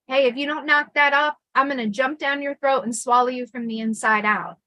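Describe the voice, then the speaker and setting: A woman's voice: sits high, steady tone, brisk, sharp tone, rough recording. A woman putting on the voice of her playful elderly grandfather, teasing and mock-threatening. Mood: mock-stern.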